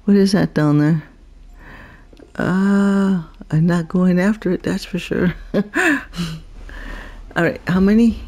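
Slow, mellow-voiced woman chatting through gameplay. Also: fairly low pitch. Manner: chatty, talks to game creatures, giggles often. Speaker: gameplay vlogger. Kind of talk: casual gameplay commentary.

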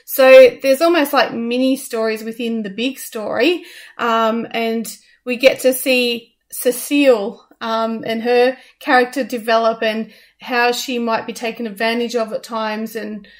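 A woman's voice: a little high, fairly even intonation, a little slow. Chatty woman reviewing a show. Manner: hesitant, many ums and restarts. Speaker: radio co-host reviewing a musical. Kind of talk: casual review chat.

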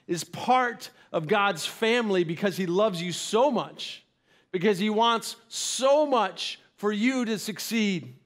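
A man giving an earnest, encouraging sermon as pastor in a church. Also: sits high. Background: faint instrumental music.

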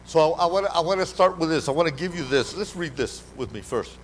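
A man preaching a sermon as pastor, animated, calling out to the congregation and repeating his words. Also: on the high side, fast, a little hiss or hum, low-quality recording. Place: church hall during a live service.

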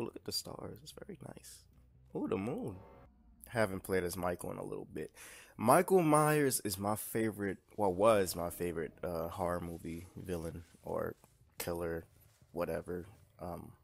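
A young man casually commenting on his own gameplay, joking and trash talking the other players with sudden bursts of excitement. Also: low voice, vocal fry, dry recording. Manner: animated, jokey trash talk to opponents, bursts of excitement. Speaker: gaming streamer.

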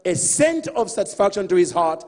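Delivering a lively sermon, this preacher calls out to his congregation and plays the characters in the story. He speaks at a moderate pace in a high-sitting voice that echoes with big-room sound.

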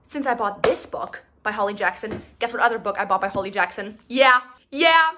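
A woman's voice: fairly high pitch, animated, a little fast, hardly any pauses, sharp tone, slight background noise. A young woman talking in a chatty, bubbly way, narrating her day as a book vlogger. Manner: chatty, bubbly, playful asides. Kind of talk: casual vlog narration.

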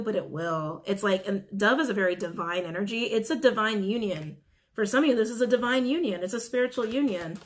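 A woman talking through a casual tarot reading, her voice sitting at an ordinary middle pitch. She speaks with open emotion, repeats phrases to drive them home and drops in the odd casual swear word. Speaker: tarot reader.

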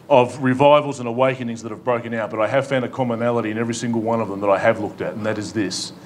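A man's voice: medium pitch, slight background noise. A man with an Australian accent, a pastor preaching a sermon in an emphatic, pleading way, with rhetorical questions and humor. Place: church hall.

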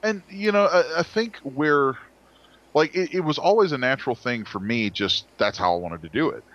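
A man's voice: fairly high pitch, lively intonation, moderate pace, a bit bright, dull audio. A man designer telling stories in a casual interview, rambling with restarts and acted-out quotes.

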